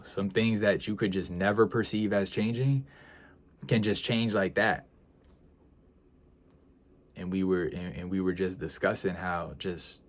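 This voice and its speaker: A young man with a very low voice speaks casually to his audience. He is earnest and emotional, sighing and hesitating, and he circles back over his own words as he reflects. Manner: earnest, emotional, repeats himself, sighs and hesitates. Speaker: freelance video editor vlogger. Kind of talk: reflective casual vlog talk.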